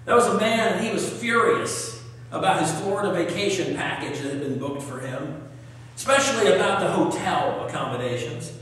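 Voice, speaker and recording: A man's voice: a little high, expressive, normal speed, a bit bright. A man preaching a sermon, reading scripture aloud and asking his congregation questions. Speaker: pastor. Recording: echoey hall, voice from far off.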